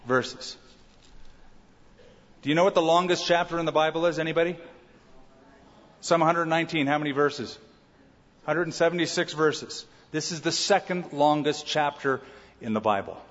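A pastor preaching an expository sermon, emphatic and asking the congregation questions. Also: male voice, on the high side, a bit bright. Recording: dull reverberant church sound.

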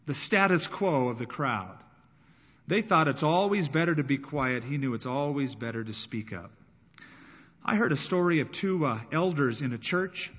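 A man delivers an animated sermon with a slightly high voice, acting out the voices of the people in the story. The sound is dull and muffled, and his voice rings out with a long hall reverb. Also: normal speed. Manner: dramatic, acting out voices in the scripture. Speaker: pastor.

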